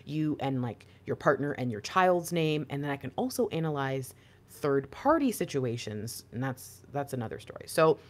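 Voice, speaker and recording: With an extremely low-pitched voice at normal speed, a woman performs a spiritual reading for viewers as an intuitive card reader. She stays animated and conversational, frequently asking rhetorical questions.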